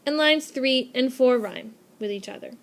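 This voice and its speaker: A young adult woman narrates a classroom lesson recorded on a tablet. Her voice sits a little high for a woman. She explains in an upbeat, clear teacherly way and leans on repetition to drive key points home. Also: moderate pace. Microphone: tablet microphone.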